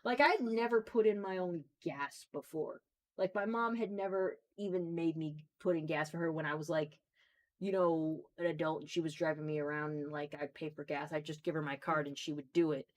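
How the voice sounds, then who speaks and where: A woman's voice: low-pitched, steady tone, a little fast. A young woman hosting a live stream, telling stories in a chatty, casual way and swearing freely. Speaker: streamer host.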